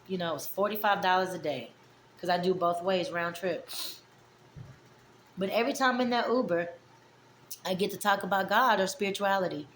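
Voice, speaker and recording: A woman's voice: mid-range voice, moderate pace, long pauses, a bit bright, echoey room, slight background noise. A woman in her forties talking candidly and affectionately to her viewers in a rambling, heartfelt vlog. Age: 40s. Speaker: vlogger. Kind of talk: casual heartfelt vlog monologue.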